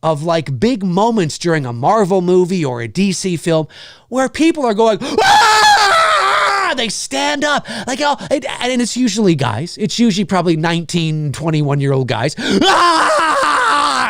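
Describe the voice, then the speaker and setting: A man in his forties hosting a live show, ranting casually and with exasperation, mimicking the shouts of others. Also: high-pitched, big pitch swings, brisk, dry recording, studio quality. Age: 40s. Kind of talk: casual live-stream rant.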